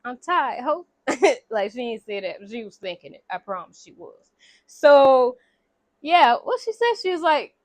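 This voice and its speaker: A woman casually retelling a movie plot in slangy, animated storytelling, acting out the characters' lines. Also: on the high side, moderate pace, no room sound. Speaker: vlogger recapping a movie.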